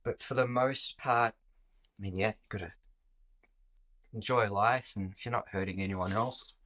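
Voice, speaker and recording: A man with an Australian accent, a podcast guest speaking in a relaxed, rambling way with many fillers. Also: on the low side, normal speed. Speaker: podcast guest, jiu-jitsu instructor. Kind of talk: casual interview chat.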